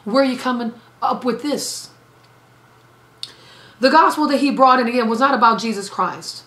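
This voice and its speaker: A woman's voice: a little high, normal speed, fairly bright tone. Emphatic woman evangelist preaching, roomy echo. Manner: emphatic, repeats phrases for stress. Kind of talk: sermon.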